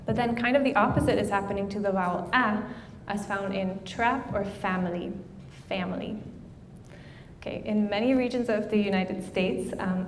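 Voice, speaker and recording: A young woman gives an academic seminar talk, explaining step by step and sounding out example words. Her voice is mid-pitched. It carries a long, roomy echo over faint noise and a low rumble. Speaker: guest lecturer. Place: seminar room.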